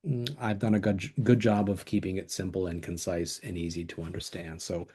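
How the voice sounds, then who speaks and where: Middle-aged guy at a desk mic on a video call, low husky voice, thoughtful and agreeable. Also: little pitch movement, a little fast, dark tone. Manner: reflective, agreeing, mild stumbles. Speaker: webinar co-host. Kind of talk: webinar discussion. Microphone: desk microphone on video call.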